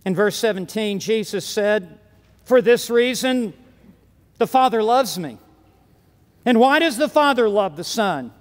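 Emphatic high-voiced male preacher in a hall. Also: expressive, measured pace, long pauses. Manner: emphatic, building to forceful declarations. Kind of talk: conference sermon. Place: large conference hall.

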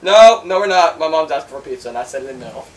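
A man giving excited gameplay commentary, yelling and laughing at the game as host. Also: a little high, quick pace. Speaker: gaming channel host. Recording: distant mic with clear background noise.

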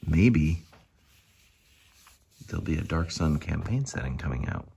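Guy with a super deep husky voice gushing over minis, goes all quiet and hushed sometimes. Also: animated, moderate pace, pauses often. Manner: enthusiastic, drops to hushed asides. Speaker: miniatures reviewer. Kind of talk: casual product review.

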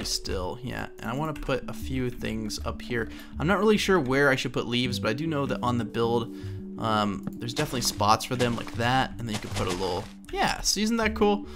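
A man's voice: mid-range voice, gravelly. A young man from Oklahoma chatting casually while playing a building game, thinking aloud and correcting himself as he goes. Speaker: Minecraft let's play host. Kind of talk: casual gameplay commentary.

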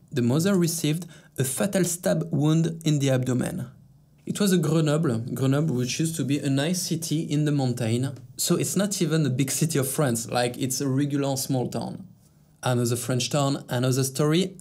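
A man's voice: medium pitch, vocal fry, darkish tone. A man hosting a sarcastic news commentary vlog, with mocking asides, over faint background music.

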